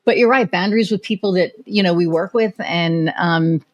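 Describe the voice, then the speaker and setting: On her podcast, an American woman shares personal stories in a relaxed interview style, cursing freely and speaking candidly. Her voice is on the low side at a normal speed, and the audio sounds dull.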